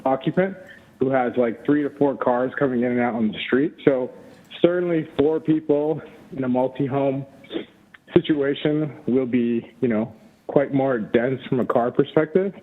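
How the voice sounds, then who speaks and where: A man speaking at a public hearing, slightly out of breath, earnest and halting with many fillers. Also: medium pitch. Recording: tinny phone line.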